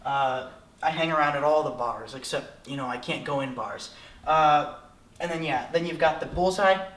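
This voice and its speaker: A man's voice: fairly high pitch, normal speed, fairly bright tone, echoey room. A young man in his late teens giving a jokey tutorial, rambling and self-mocking, with lots of filler. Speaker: vlogger. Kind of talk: comedic tutorial.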